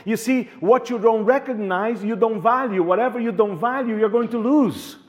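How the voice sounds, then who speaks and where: A male pastor preaching a sermon in an animated way, repeating words and joking with the congregation. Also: very high voice, normal speed, lo-fi sound.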